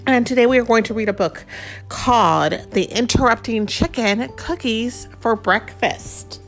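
A woman's voice: a little high, lively intonation, measured pace, faint music behind. A woman in her thirties hosting a podcast, reading a picture book aloud to her child, playful and chatty. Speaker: podcast host and mother.

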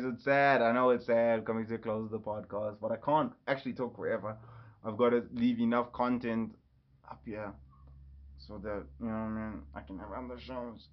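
A man hosting his own casual solo podcast, rambling and jumping quickly from topic to topic. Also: mid-range voice, fairly even intonation. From Ireland. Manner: rambling, jumps between topics. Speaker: podcast host. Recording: slightly dull lo-fi audio.

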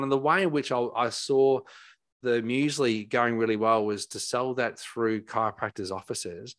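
A man, a chiropractor, telling his story in a rambling, animated way full of restarts. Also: medium pitch, moderate pace, no echo. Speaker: chiropractor guest. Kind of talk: conversational storytelling.

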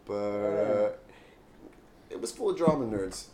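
A man's voice: fairly low pitch, lively intonation, measured pace, a little mellow. A man co-hosting a podcast, trading crude jokes and laughing often. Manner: joking, laughing often, mocking voices. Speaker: podcast co-host. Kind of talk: crude casual banter.

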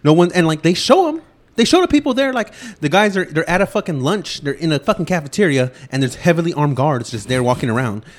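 Podcast host, man, fast profane movie rant, higher-pitched voice. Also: very animated. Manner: loud, swearing, rapid ranting.

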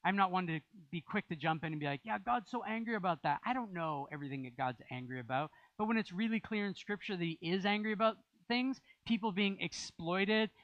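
A man's voice: sits high, a little fast, few pauses, no room sound, dull audio. A man preaching a sermon as pastor, in a conversational style with rising emphasis.

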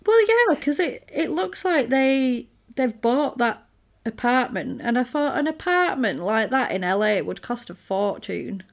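Brief: woman, podcast co-host, chatty animated storyteller. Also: a little high, unhurried, gravelly. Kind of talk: casual chat recapping a film.

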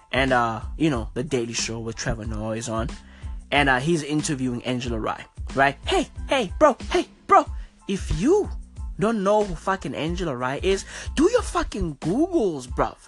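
A woman's voice: rumbling low, very animated, moderate pace, faint music behind. A woman hosting a podcast, delivering an incredulous, profane comic rant and repeating "bro" constantly. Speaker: podcast host.

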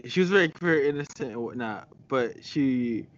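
A man's voice: medium pitch, expressive, normal speed. Young male podcast co-host, chatty and giggly, slightly dull lo-fi sound. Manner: laughs often, chatty with many fillers. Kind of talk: casual chat.

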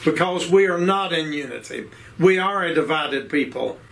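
A man's voice: a little high, lively intonation, normal speed, gravelly, fairly bright tone, poor audio. Appalachian preacher man, rhythmic sermon. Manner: rhythmic preaching with repeated phrases and rhetorical questions.

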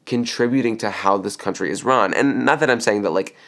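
Low-voiced young man rambling casually. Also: brisk, fairly bright tone. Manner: rambling, filler-heavy, blunt opinions. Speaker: podcast co-host. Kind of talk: casual chat.

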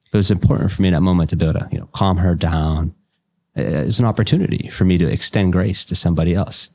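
Deep gravelly Appalachian man telling stories. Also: a little mellow. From West Virginia. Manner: folksy storyteller, double negatives, swears freely. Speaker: life coach and podcast guest. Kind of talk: casual conversation.

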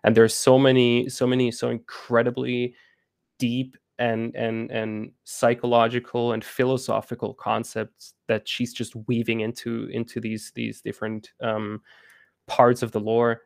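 A gravelly-voiced man, pitched in the middle range and speaking in a monotone, chats casually as a guest on an interview, where he's a game co-founder. He stops short, repeats himself, restarts sentences, uses lots of fillers, and laughs often. The recording is close and dry, with no room sound.

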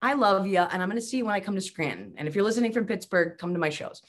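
A woman comedian chatting as a podcast guest, playful and given to bursts of excitement. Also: mid-range voice, racing. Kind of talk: casual chat.

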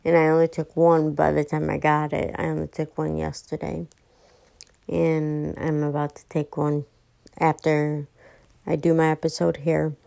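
A woman's voice: low voice, monotone, a little slow, gravelly, warm tone, rough recording. An exhausted young woman rambling through a casual podcast monologue, full of fillers and restarts. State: exhausted and fatigued. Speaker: podcast host.

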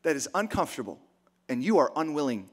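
Pastor preaching: high-voiced man, emphatic, rallying the room with questions. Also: fast talker. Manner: emphatic, energetic, rhetorical questions. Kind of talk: sermon.

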